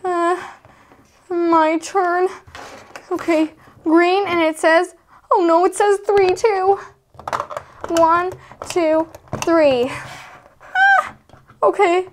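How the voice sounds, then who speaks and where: Woman doing squeaky bickering toddler dolls. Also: takes it slowly, long pauses, a little hiss or hum. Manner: high, excitable, squealing when upset. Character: bickering toddler girl dolls playing a game. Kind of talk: doll play narration.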